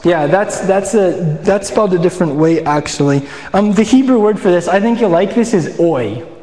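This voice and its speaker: Chatty preacher in an echoey hall. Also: male voice, high-pitched, fairly quick, dark tone. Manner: chatty, asks the audience questions. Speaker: pastor. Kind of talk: casual sermon teaching.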